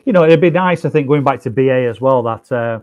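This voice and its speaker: A man's voice: medium pitch, fast. A man co-hosting a podcast in casual chat, often ending remarks with tag questions. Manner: chatty, seeks agreement with tag questions. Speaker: podcast co-host.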